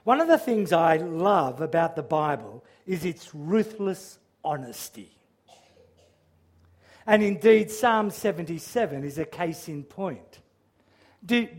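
Preaching with earnest, measured delivery and frequent restarts, a man with a high-pitched voice quotes scripture. When he reaches a psalm's cries, he raises his voice as if crying out.

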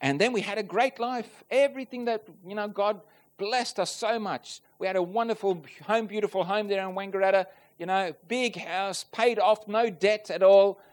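Male preacher, high voice, heartfelt sermon testimony, talks straight to the congregation. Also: normal speed. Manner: earnest and emotional, swelling loud on key points; addresses the congregation directly with questions. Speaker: preacher giving a personal testimony.

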